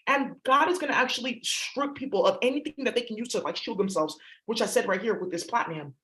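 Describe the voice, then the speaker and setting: A woman's voice: a little high, fast talker, hardly any pauses, a bit bright, low-quality recording. Blunt, profane woman giving a spiritual reading. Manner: blunt, profane, rambling and emphatic. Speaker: astrology reader. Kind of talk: casual spiritual reading monologue.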